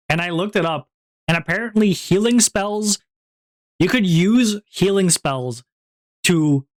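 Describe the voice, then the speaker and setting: A man streamer chatting casually with his viewers, rambling, with many fillers and restarts. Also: a little high. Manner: laughs at his own jokes.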